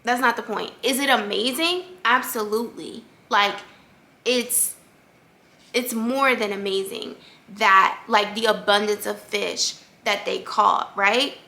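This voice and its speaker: A woman's voice: mid-range voice, fairly even intonation, takes it slowly, creaky, bright, forceful tone. A young adult woman hosting a faith podcast, talking in an earnest, conversational way with lots of fillers. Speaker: podcast host. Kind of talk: casual faith-based podcast monologue.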